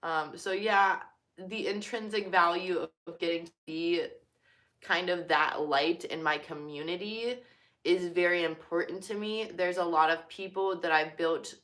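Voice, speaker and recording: A woman's voice: on the low side, fairly even intonation, measured pace, a bit bright. A young woman who works as a cashier talking casually and from the heart, full of "like" and "you know" fillers. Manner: chatty, filler-heavy, heartfelt. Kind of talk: casual personal talk.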